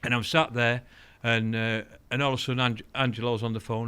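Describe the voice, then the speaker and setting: An older man, a guest telling fishing stories in an animated way, acting out the voices of the people he quotes. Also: mid-range voice, brisk, clean tone. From England. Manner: animated, acts out quoted voices, laughs often. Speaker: guest, angling champion. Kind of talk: anecdotal storytelling.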